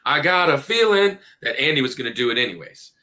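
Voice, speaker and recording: A man's voice: mid-range voice, very animated, fast, pushed and bright. A young married man chatting animatedly on a podcast, calling his friends dude and bro. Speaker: podcast co-host. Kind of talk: casual podcast chat.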